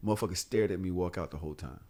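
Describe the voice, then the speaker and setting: A man hosting a podcast in casual chat, telling stories in a blunt, animated and profane way. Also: deep voice, racing. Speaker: podcast host.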